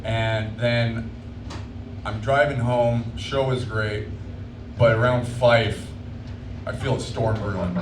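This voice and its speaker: A man's voice: lowish voice, steady tone, slow pace, long pauses. A man doing a crude, story-driven stand-up routine on a comedy club stage. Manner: crude, storytelling, builds to shouting. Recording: echoey club from far off with noise.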